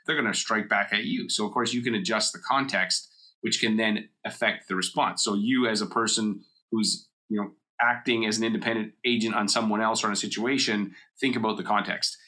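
A man's voice: fairly low pitch, steady tone, fairly quick, pushed and bright. A middle-aged man hosting a solo coaching podcast, explaining ideas conversationally and acting out everyday quotes. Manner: conversational, uses personal stories and acted-out quotes.

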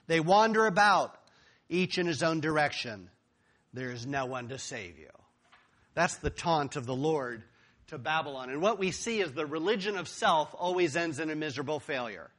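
Bright-voiced, high-pitched male preacher. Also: animated, moderate pace. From United States. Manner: preaching with rising emphatic peaks. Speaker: pastor. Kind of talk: sermon.

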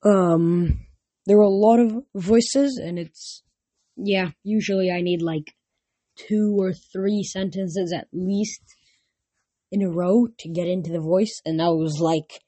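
A casual reader narrating a novel chapter at home with an even, mid-pitched voice. The recording is dry and close, with no room sound around it. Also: slow, slightly rough, no room sound. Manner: casual, hesitant with fillers when chatting. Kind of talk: reading a novel aloud, casual chat after.

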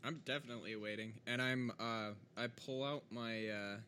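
A man at a mid pitch plays in a tabletop game, trading casual banter. He grumbles about his luck with mock exasperation and a joking edge. A faint noise floor is there. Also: fairly even intonation, normal speed, pushed and bright. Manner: exasperated, jokey complaining. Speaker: player.

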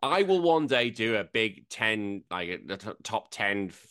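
A man's voice: fairly low pitch, big pitch swings, unhurried, a bit bright, clear, resonant tone, no echo, clean studio sound. A man hosting a casual chat over a video call, ranting animatedly and swearing. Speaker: podcast host. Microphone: headphones and desk microphone.

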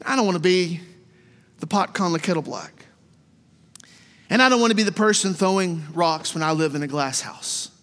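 A man preaching a sermon as pastor, impassioned, slowing down and dropping low to stress key words. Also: expressive, fairly bright tone. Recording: hall reverb.

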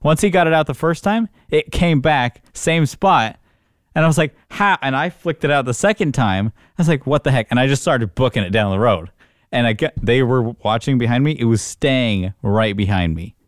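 A man's voice: medium pitch, moderate pace, no echo, studio quality. A man in casual chat, animatedly telling a story from work and acting out his own panic.

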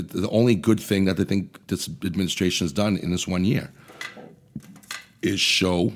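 Really deep raspy guy ranting on his podcast, swears a lot, blunt. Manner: angry, profane, blunt. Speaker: podcast host. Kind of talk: ranting political commentary.

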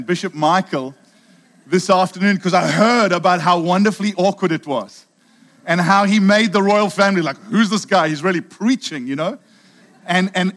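Chatty South African pastor preaching. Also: male voice, on the high side. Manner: storytelling, chatty, with many restarts. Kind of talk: sermon.

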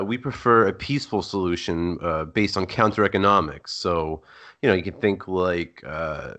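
A man who is a guest on a podcast, explaining his views in a measured way. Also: deep voice, fairly bright tone. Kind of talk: explaining ideas in an interview.

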